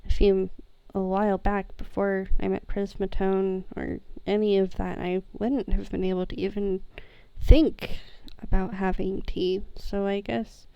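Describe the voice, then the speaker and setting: A woman voicing a homesick young male toon in a tabletop role-play. He speaks softly and haltingly, trailing off into pauses. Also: medium pitch, level tone, creaky, smooth, dry recording, highs cut off. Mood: wistful.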